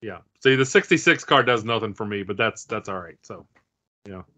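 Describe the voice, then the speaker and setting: A man's voice: lowish voice, lively intonation, brisk, sharp tone. A man co-hosting a casual chat podcast, agreeable and chatty, with many fillers. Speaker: podcast co-host. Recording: dull lo-fi audio.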